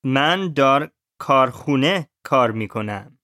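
A man's voice: mid-range voice, lively intonation, bright, forceful tone, dry recording, clean studio sound. A man learning a language, carefully repeating phrases after his teacher. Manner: careful, deliberate repetition of phrases. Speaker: language student. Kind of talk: language lesson repetition.

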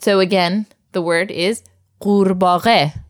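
A woman's voice: fairly low pitch, animated, normal speed. A woman teaching vocabulary to a learner, patient and encouraging, often laughing. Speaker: language teacher.

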